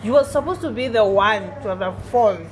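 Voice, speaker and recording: A woman's voice: on the high side, animated, brisk, a little hiss or hum, poor audio. A woman playing a waiter, soothing and repeating reassurances in a scripted skit.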